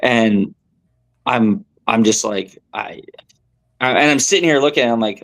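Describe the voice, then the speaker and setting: A young man, a tournament angler, telling a story as a podcast guest in a rambling, animated way with many fillers and restarts. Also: mid-range voice, unhurried, long pauses. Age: young adult. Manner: animated, rambling, lots of fillers and self-corrections.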